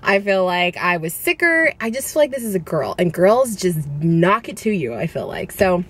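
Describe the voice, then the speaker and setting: A woman's voice: lowish voice, very animated, normal speed, slightly rough. A young woman vlogging in a casual, rambling, giggly way with lots of fillers, a little out of breath as she talks. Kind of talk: casual chatty vlog.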